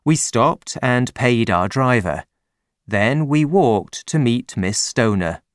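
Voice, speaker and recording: A man narrating a story audiobook in a clear, careful reading manner. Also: medium pitch, animated, slow pace, no echo, studio quality. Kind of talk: scripted narration.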